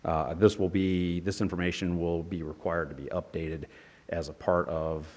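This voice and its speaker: A man with a very low voice delivers a technical report at a formal public hearing. He pauses often, fills gaps with "uh" and restarts his sentences. His voice carries a long reverb from the hearing room. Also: level tone, a little mellow. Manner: halting, many fillers and restarts. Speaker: engineer presenting a development project.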